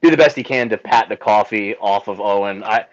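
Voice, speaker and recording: A man's voice: fairly low pitch, fairly quick, dry recording. A man playing in a tabletop game, describing his character's actions in a rambling way with many fillers. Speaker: player. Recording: dull lo-fi mic.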